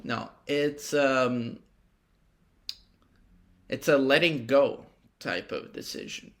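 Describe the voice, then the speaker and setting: Slow, gravelly young man rambling. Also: medium pitch, lively intonation. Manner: rambling, profane, reflective. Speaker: podcast host. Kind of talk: casual solo monologue.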